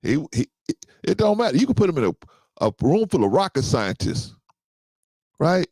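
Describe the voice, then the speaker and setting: A gravelly man of about fifty chats loosely with his listeners, and his pitch rises and falls a lot. He often circles back with "right?" and repeats his points. The sound is dry and close, with no room echo. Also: big pitch swings, moderate pace, warm tone. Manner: conversational, repeats himself, often asks "right?". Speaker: podcast host. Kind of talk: casual talk to listeners.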